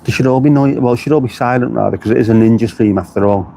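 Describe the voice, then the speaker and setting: A man's voice: mid-range voice, fast, vocal fry, dark tone. A man chatting casually to his live-stream viewers outdoors by the beach, swearing freely and answering their comments. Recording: faint street noise behind the voice. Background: passing traffic.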